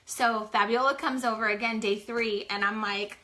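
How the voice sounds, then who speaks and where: A woman in her forties telling her business story in a casual live chat, animated and chatty, full of "like". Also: on the high side, normal speed. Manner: chatty, animated, heavy use of "like". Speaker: small business co-owner sharing her story.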